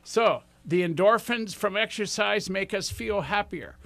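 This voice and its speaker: A man's voice: sits high, unhurried, a bit bright, no room sound. A man in his sixties hosting a radio show, giving enthusiastic, rambling motivational talk straight to his listeners. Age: 60s.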